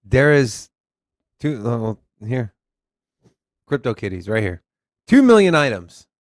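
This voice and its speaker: A man's voice: mid-range voice, measured pace, dry recording. Texan male co-host, Southern accent, dry close sound, reads headlines aloud and riffs on them. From Texas. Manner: animated, reads articles aloud, swears casually. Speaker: podcast co-host. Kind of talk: casual crypto news chat.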